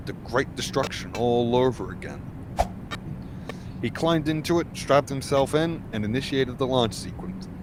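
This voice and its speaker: A man reading a fan-written story aloud, stumbling and restarting lines and raising his voice for the characters. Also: background noise. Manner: halting reading with restarts, pushed-up pitch for quoted lines. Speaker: fanfic reader.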